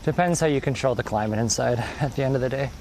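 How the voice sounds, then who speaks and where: On a countryside road, a man streams live as he walks, chatting informally with his audience and a little winded from the uphill stretch. His medium-pitched, darkish voice comes fast. It's a low-quality recording with some hiss or hum.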